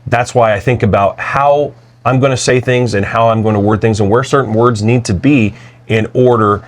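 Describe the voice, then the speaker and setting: A man's voice: mid-range voice, steady tone, normal speed. A man co-hosting a podcast, talking in an earnest, reflective way with frequent restarts. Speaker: podcast co-host. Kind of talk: casual conversational podcast talk.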